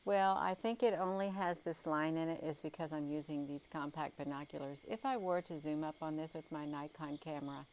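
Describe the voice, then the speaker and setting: A sleepy livestream host talks a little fast in a steady, slightly mellow, low voice, barely pausing as she rambles with frequent ums and uhs. She's outside at night doing a casual sky-watching chat, yawning and addressing her viewers as "you all." Faint crickets and hiss come through on poor audio.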